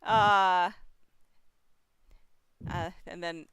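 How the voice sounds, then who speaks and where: Slow, smooth-voiced woman chatting. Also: lowish voice, fairly bright tone, no echo. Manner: slow, halting, sounding out Japanese words with laughs. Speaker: co-host. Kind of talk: casual chat while unboxing.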